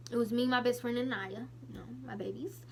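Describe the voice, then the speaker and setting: A young woman vlogger telling a personal story to her viewers in a casual, emotional, animated way with many asides. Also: fairly high pitch, fairly quick, gravelly, slight background noise.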